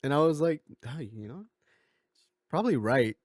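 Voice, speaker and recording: A man's voice: on the high side, lively intonation, normal speed, dry recording, studio quality. A young man hosting a casual video essay, rambling with lots of fillers, joking and correcting himself. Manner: jokey, swears. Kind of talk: casual commentary.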